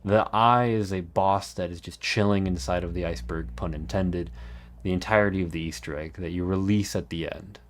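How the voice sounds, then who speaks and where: A man narrating a scripted video essay in an earnest, measured way with dramatic pauses. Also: low-pitched, fairly even intonation, a little hiss or hum. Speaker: YouTube narrator.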